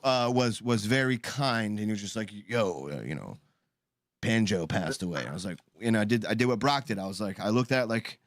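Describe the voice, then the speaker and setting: A man co-hosting a live call-in show, telling a long story in casual chat, halting and restarting often. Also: fairly low pitch, animated, no room sound, clean studio sound. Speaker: podcast co-host.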